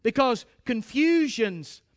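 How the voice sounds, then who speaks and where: A man preaching from the pulpit in an unusually high voice for a man. He talks with insistent emphasis, stumbling over and repeating words as he presses each point, and he speaks straight to the congregation. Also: very animated, takes it slowly. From United States. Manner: emphatic, repeats and restarts phrases, addresses the congregation directly. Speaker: pastor. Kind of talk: sermon.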